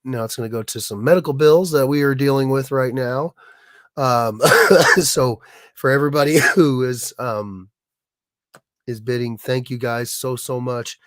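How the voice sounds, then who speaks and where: Sick guy w a raspy hoarse voice, halting stream chat, dry close sound. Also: medium pitch, a bit bright, no echo. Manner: halting, many restarts and fillers. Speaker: livestream host, illustrator. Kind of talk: casual livestream chat.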